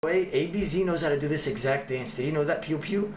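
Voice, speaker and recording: A man livestreaming, joking with his chat in loud, swearing banter. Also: on the high side, fast talker, reverberant, a little hiss or hum.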